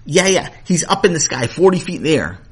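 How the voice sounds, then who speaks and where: Guy putting on a worked-up kid, stammery and urgent, pitched up, kinda husky. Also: sing-song, fairly quick, fairly bright tone, exaggerated voice. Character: excited young boy, Sammy's friend.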